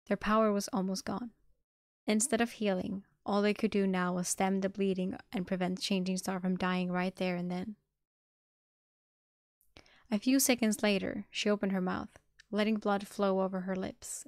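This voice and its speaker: A woman streamer reading a novel aloud with a dramatic delivery, sometimes breaking into excited reactions. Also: medium pitch, gravelly, no echo, clean studio sound. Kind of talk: live-streamed audiobook reading.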